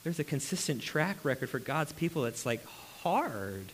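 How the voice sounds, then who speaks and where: A man's voice: a little high, sing-song, normal speed, slight background noise, poor audio. A man preaching a sermon to a congregation in a room, talking animatedly, asking rhetorical questions and slipping into voices. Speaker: pastor.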